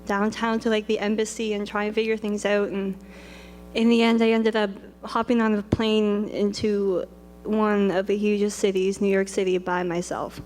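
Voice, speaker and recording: A woman's voice: mid-range voice, little pitch movement, normal speed, a little mellow, a little hiss or hum. A young woman telling a personal story in a chatty, rambling way. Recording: long reverb.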